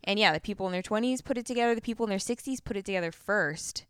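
A woman's voice: mid-range voice, racing, a bit bright, clear, resonant tone, dry recording, clean studio sound. A woman co-hosting a casual chat, rambling and laughing as she loses her train of thought.

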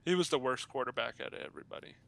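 A man's voice: medium pitch, rapid-fire, gravelly, fairly bright tone. A man in casual chat, telling stories in a laid-back, offhand way.

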